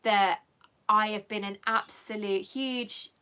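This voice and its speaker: A woman's voice: mid-range voice, steady tone, slow pace, sharp tone, smooth. A woman hosting a live stream, chatting affectionately with viewers in a rambling, emotional way and coming close to tears. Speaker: channel host.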